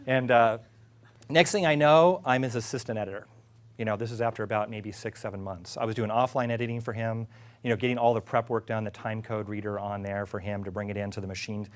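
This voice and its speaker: A middle-aged man, an executive, telling a casual story about his career. He is lively, laughs often and acts out what others said. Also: fairly low pitch, fast talker. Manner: animated, laughing, acts out quotes. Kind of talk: casual anecdote.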